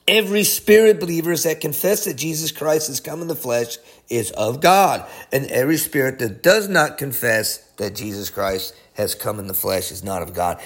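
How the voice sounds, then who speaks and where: A man preaching a sermon, emphatic, swinging between high excited lines and low hushed ones.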